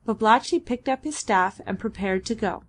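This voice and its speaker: A woman's voice: on the high side, lively intonation, moderate pace. Woman narrating an audiobook. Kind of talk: scripted narration.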